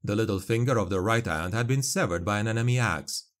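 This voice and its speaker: A man narrating a dark fantasy audiobook in a grave, measured way. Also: lowish voice.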